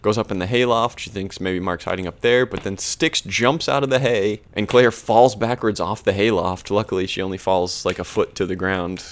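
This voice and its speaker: A man's voice: lowish voice, steady tone, normal speed, few pauses. A man hosting a podcast, casually recapping an episode in a rambling, jokey way. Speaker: podcast host.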